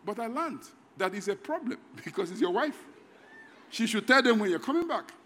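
Man, Nigerian accent, middle-aged pastor, sermon, very high lively voice, shifts between quiet asides and shouts, long church reverb. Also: moderate pace, breathy edge. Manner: animated preaching, swings between quiet asides and shouted emphasis. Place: church hall.

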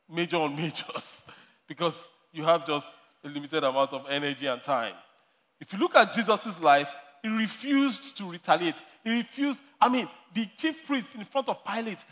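A man preaches a sermon, telling stories with frequent laughter and repeating his key lines. His voice sits high with a slightly bright tone, and the recording carries a long hall reverb.

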